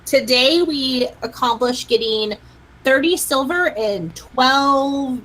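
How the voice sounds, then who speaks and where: Husky woman playing a tabletop game. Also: high-pitched, slow, a bit bright, poor audio. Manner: chatty, joking. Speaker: player. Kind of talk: casual tabletop game chat.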